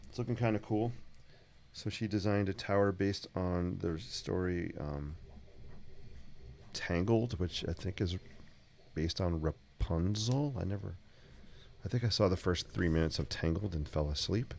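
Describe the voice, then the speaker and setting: A man's voice: deep voice, a little slow, gravelly, a little mellow. A man chatting casually with viewers during a live sketching stream in his home studio, upbeat and talkative. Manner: chatty, upbeat, talks to viewers while drawing. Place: home art studio with a 3D printer running. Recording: faint machine noise behind.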